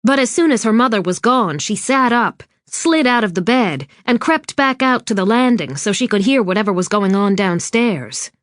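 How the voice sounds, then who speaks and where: A woman's voice: mid-range voice, expressive, normal speed, hardly any pauses, no echo. Woman narrating an audiobook, dry and close. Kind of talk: scripted narration. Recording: dry studio read.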